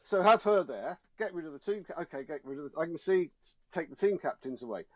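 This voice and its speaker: A male showbiz journalist, guesting in a studio discussion, argues with emphatic indignation and repeats words. His voice is a little high, expressive, brisk and a little mellow, with no echo.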